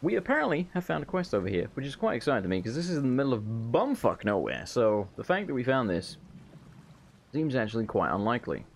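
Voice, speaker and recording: A man's voice: medium pitch, big pitch swings, fast, creaky, a little hiss or hum. An Englishman with an English accent, giving rambling, jokey let's play commentary over a game and bantering with its characters. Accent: English, self-described as unusual. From England. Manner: rambling, joking, sweary banter. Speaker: gameplay commentator.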